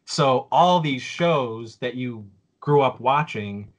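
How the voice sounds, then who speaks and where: A man's voice: mid-range voice, lively intonation, slow pace. A man in his forties on a casual podcast, telling a story with lots of fillers and restarts. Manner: rambling, with many fillers and restarts.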